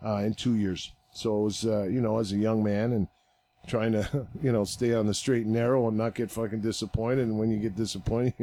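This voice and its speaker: A man, a former hockey player, who tells stories as a podcast guest in a loose, profane, animated way with frequent laughter. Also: fairly low pitch, fairly quick. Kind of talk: casual storytelling chat.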